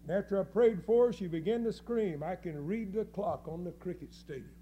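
A man preaching a fiery sermon, folksy and scornful, dropping to low mutters and rising to loud cries. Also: brisk, lo-fi sound, a little hiss or hum. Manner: folksy, scornful, with mocking quoted voices.

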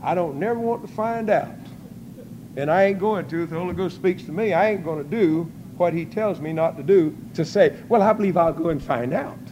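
An older man preaching a testimony sermon in folksy storytelling style, breaking into loud praise. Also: high voice, moderate pace, noisy background.

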